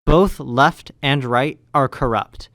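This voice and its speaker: Young male co-host, mid-range voice, measured and explanatory. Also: medium pitch, fairly bright tone, no echo, studio quality. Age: young adult. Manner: measured, explaining his view. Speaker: podcast co-host. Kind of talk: casual chat.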